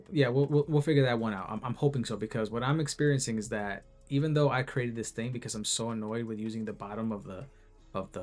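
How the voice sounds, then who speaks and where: A man's voice: fairly low pitch, darkish tone. A man who made an app, talking casually and rambling through a screen-share video, restarting sentences and filling gaps with "you know.". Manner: rambling, self-interrupting, many fillers. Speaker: app creator.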